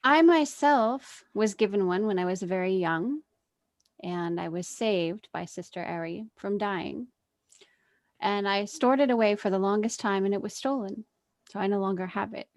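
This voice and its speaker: A woman's voice: medium pitch, moderate pace, darkish tone, no room sound. A woman playing a tabletop role-playing game, speaking earnestly as her character. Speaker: player.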